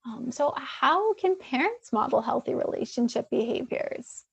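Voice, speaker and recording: Slightly high, gravelly woman therapist. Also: animated, a little slow, no echo, muffled recording. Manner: conversational, many fillers and restarts. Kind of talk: webinar presentation.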